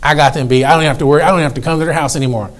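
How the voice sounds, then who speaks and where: Give me a smug, scheming male devil as a preacher puts him on, a little lower and softer. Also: rapid-fire, natural voice. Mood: gloating. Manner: gloating, then grumbling and worried.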